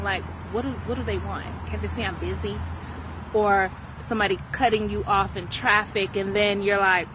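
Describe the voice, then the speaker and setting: A woman's voice: mid-range voice, noisy background. A young adult woman teaching self-healing in a casual motivational talk, chatting conversationally and often checking in with "right?", recorded outdoors near a road.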